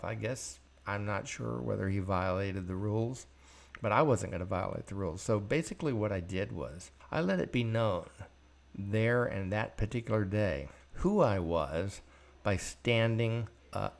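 The voice is lowish and creaky: an older man hosting a podcast. His storytelling monologue covers his working life, told bluntly and with profanity while he acts out what people said.

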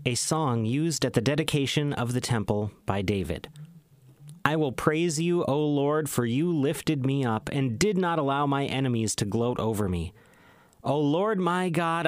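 A man reading the Bible aloud in a measured, solemn way, slowing down on emphatic phrases. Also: mid-range voice, dry recording. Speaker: scripture reader.

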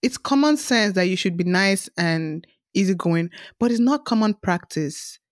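Animated woman podcast host, dry sound. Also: medium pitch, normal speed, no room sound. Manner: animated, acts out cheerful customer texts. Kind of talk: casual chat.

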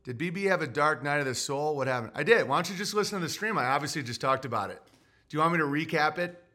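A man's voice: a little high, animated, fast talker, bright, forceful tone. A man hosting a solo livestream, reading super chats in a grumpy, sarcastic ranting way.

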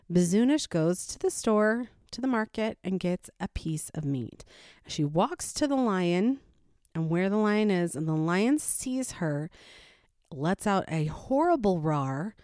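A woman's voice: on the low side, darkish tone, no room sound, clean studio sound. A woman and adoptive parent chatting through a folktale retelling and her thoughts on it, laughing often. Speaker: adoptive parent sharing a story. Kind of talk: casual retelling and reflection.

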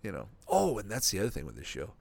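A man's voice: on the low side, fast, creaky, breathy edge, no room sound. A man hosting a podcast, chatting casually and rambling, with frequent swearing. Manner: profane, rambling, animated. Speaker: podcast host reviewing a sitcom.

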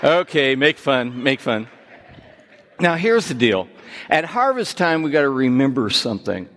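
A man preaching a sermon, telling jokes and gently teasing himself and his listeners. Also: mid-range voice, a little slow, some chatter behind. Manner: joking, self-teasing, lively. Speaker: pastor. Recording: reverberant hall.

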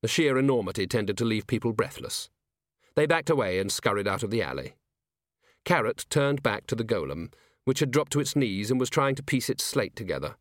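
A male audiobook narrator telling the story in a measured, lively way, his pitch moving freely through the sentences. The sound is dry and close, with no room around it. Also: no room sound.

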